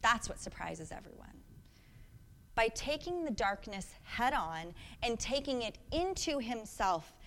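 A woman's voice: on the high side, very animated, a little slow, fairly bright tone, long reverb tail. A woman in her thirties preaching a sermon, earnest and reflective, asking the congregation questions. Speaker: pastor.

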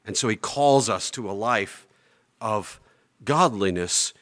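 A man preaching a sermon from the pulpit. He leans on key phrases, drawing them out slowly. His volume swings from ringing declarations down to hushed, quiet asides. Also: on the low side, animated. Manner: emphatic, slows down on key phrases. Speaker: pastor.

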